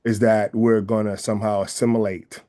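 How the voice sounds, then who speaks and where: A man from the San Francisco Bay Area with a Bay Area accent, speaking as an interview guest in an earnest, measured way and often rephrasing his ideas. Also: lowish voice, flat delivery, dark tone. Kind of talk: reflective interview conversation.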